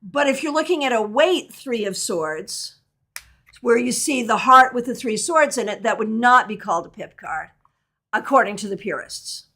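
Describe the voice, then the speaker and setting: Bright chatty woman teaching tarot. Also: on the high side, lively intonation, normal speed. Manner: chatty, candid and opinionated. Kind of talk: live online workshop, reading viewer questions.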